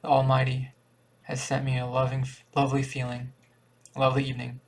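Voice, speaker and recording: A man voicing a calm, devout old uncle on his deathbed, speaking quietly and tenderly. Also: medium pitch, brisk, lightly acted.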